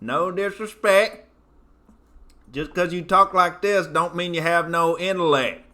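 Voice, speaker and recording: A man's voice: sits high, measured pace, pushed and bright, pitched above the performer's own voice. A man voicing a plain-spoken rural redneck with a put-on Southern drawl. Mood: folksy.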